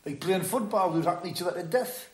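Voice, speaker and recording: A crude, blunt builder, played by an actor. His voice sits a little high and rings with room echo on the TV audio. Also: a little fast, darkish tone, lightly acted. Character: loud crude Geordie builder, man, adult. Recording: roomy TV audio.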